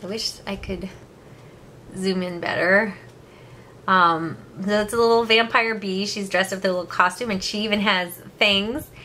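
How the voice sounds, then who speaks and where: Woman, 30s, home craft vlogger; bright, chatty, giggly, self-deprecating, recorded on a camera mic with faint hiss. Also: medium pitch, steady tone, normal speed. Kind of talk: casual chat.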